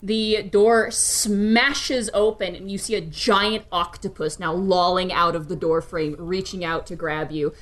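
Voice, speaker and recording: A woman's voice: lowish voice, steady tone, measured pace, few pauses. A woman narrating as game master of a tabletop game, playful and giggly, with lots of fillers.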